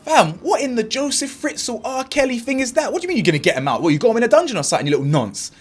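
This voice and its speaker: A man's voice: very high-pitched, racing, husky. A man doing fired-up reaction commentary, acting out what others said and using heavy street slang. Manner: animated and indignant, acts out quotes, heavy slang. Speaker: commentary channel host.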